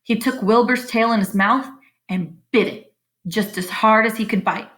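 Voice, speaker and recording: A woman's voice: on the high side, normal speed, fairly bright tone. A woman reading a children's chapter book aloud with expression, stopping to explain the story to young listeners.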